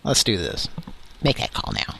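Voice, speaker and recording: A man's voice: moderate pace, bright, forceful tone. A man co-hosting a prank call show in a laid-back, sarcastic casual chat.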